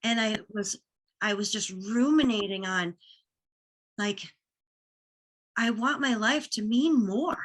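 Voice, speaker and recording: A woman's voice: medium pitch, slow pace, pauses often. A woman talking as a podcast guest, sharing a personal story in an earnest, emphatic way and repeating words as she builds her point. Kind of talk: personal story in casual conversation.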